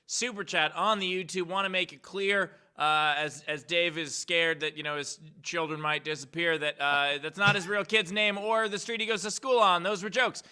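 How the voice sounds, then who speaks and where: A man hosting a casual online comedy show, brisk and playful, plugging donations. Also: high voice, steady tone, bright, forceful tone, smooth. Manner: brisk and playful, plugs the tip jar. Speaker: show host.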